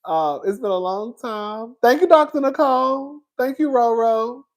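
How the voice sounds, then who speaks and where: A man hosting a casual live chat with his viewers, animated and profane, laughing often and calling them girl and honey. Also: very high-pitched, unhurried. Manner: calls listeners girl and honey. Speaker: YouTube commentator.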